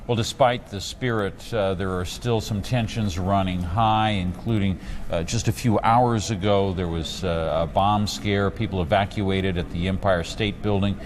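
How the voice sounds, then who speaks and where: A man anchoring a television newscast, reading in a brisk manner with some stumbles. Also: low voice, steady tone, a little hiss or hum. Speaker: news anchor. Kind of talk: scripted news reading.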